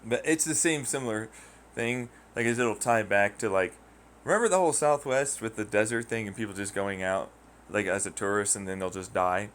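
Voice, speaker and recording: A man's voice: on the low side, a little fast, fairly bright tone, a little hiss or hum. A man ranting casually and profanely, rambling through a story and acting out quoted voices in mocking tones. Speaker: podcast host. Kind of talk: casual rant.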